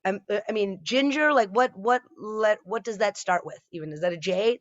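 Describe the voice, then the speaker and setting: Female stand-up comic, 30s, rambling and self-mocking, mid-pitched, dry, muffled recording. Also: moderate pace, no room sound. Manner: chatty, self-deprecating, with frequent fillers and restarts. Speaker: stand-up comedian. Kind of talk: stand-up storytelling set.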